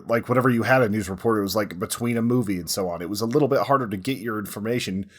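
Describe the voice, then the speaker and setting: Husky low-voiced man explaining history. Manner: relaxed, says "like" a lot while explaining. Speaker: podcast co-host. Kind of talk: casual history podcast chat.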